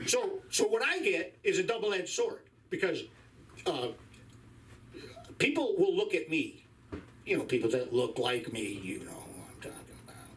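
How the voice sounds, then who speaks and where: A man's voice: sits high, a bit bright, recorded from a distance, slight background noise. A man in his fifties doing a crude, wry stand-up comedy set on a club stage. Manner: crude, profane, wry storytelling.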